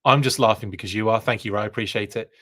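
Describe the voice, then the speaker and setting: A man's voice: on the low side, rapid-fire, bright, forceful tone. A man hosting a live podcast, chatting casually and reading viewer comments, rambling with plenty of fillers and playful jokes. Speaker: podcast host.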